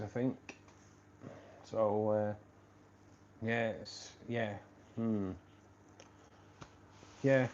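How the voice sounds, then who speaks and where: Mancunian male host, mid-pitched, rambly and friendly with "mate", muffled lo-fi sound. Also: a little mellow, slight background noise. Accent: Manchester. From Manchester, England. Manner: rambling, repeats phrases, says "mate" a lot. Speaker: live stream host. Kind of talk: casual live-stream chat with viewers. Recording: dull lo-fi stream audio.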